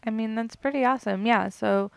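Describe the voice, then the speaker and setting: A woman hosting a casual interview, relaxed and encouraging, who often affirms her guest. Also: on the high side, brisk, creaky, dry recording. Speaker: host.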